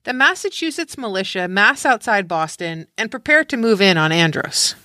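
A woman narrating a story in a calm, measured reading style. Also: mid-range voice, no echo, studio quality. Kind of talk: literary reading.

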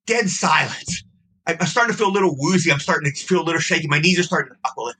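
A man's voice: a little high, animated, racing, pushed and bright, breathy edge, poor audio. A man in his sixties, a guest actor, telling stories in a casual interview with gushing enthusiasm.

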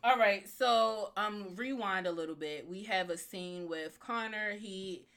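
A woman co-hosting a podcast in casual chat, animated, blunt and opinionated. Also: medium pitch, a little slow. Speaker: podcast co-host.

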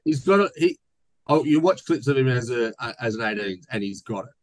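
A man's voice: medium pitch, lively intonation, a little fast, no room sound, low-quality recording. An Australian man co-hosting a casual sports podcast, rambling and joking as he reads listener mail. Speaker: podcast co-host. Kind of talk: casual chat.

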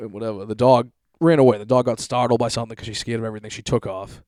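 A man's voice: medium pitch, fairly even intonation, fast, few pauses, mellow, no room sound, clean studio sound. A man telling a long story in a casual, profane, rambling way.

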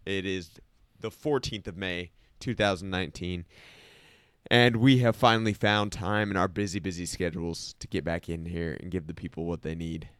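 A man with a slight lisp hosts a casual studio podcast, explaining his view at length. His voice sits low and sounds smooth and resonant. The recording is close and dry. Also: fairly even intonation, normal speed, fairly bright tone, no room sound. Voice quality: slight lisp from teeth aligners. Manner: talkative, explaining at length with a skeptical slant. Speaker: podcast co-host. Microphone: studio microphone.

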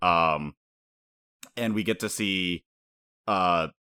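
A man co-hosting a casual chat, excitable and swearing freely, sometimes acting out characters. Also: sits low, drawn-out words, clear, resonant tone. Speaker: podcast co-host.

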